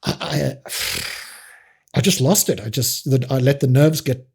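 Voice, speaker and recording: A middle-aged South African man, a guest actor, telling animated stories in a casual interview, restarting often and laughing. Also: mid-range voice, normal speed, husky.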